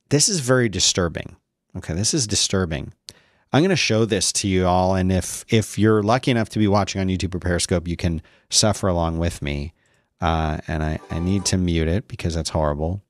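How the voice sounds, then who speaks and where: A man's voice: low voice, normal speed, dry recording, clean studio sound. A man hosting a casual solo podcast, rambling with sarcastic, mock-outraged complaints. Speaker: podcast host.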